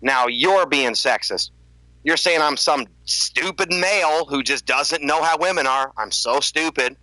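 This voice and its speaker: A man on a casual podcast, ranting with animated storytelling and mocking the voices of the people he quotes. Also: fairly high pitch, normal speed, dry recording, rough recording. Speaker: podcast co-host, YouTuber.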